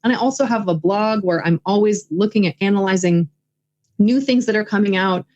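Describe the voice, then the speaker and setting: A woman's voice: mid-range voice, brisk, a little mellow, highs cut off. A woman guest and filmmaker in a casual interview, talking enthusiastically with many fillers. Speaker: guest, filmmaker and writing coach.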